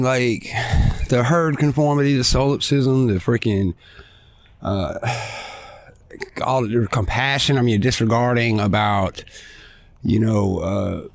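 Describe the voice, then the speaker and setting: A man of middling pitch delivers a blunt, profane rant, pressing his points hard. He talks while walking outdoors in a park, slightly out of breath, with faint noise in the background. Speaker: podcast host. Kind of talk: ranting monologue. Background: faint traffic and kids.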